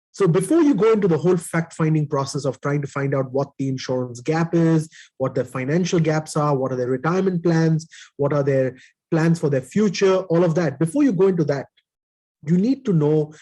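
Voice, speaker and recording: Guy coaching sales ppl step by step, kinda high voice, mellow and breathy. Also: low-quality recording. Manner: instructive, lays out points in numbered steps. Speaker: sales trainer on a panel. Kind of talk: coaching talk.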